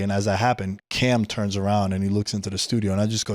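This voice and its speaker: A man's voice: lowish voice, level tone, quick pace, darkish tone, no echo, studio quality. A man with a New York accent, hosting a podcast and telling a story in casual, slangy talk, swearing freely. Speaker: podcast host. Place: podcast studio.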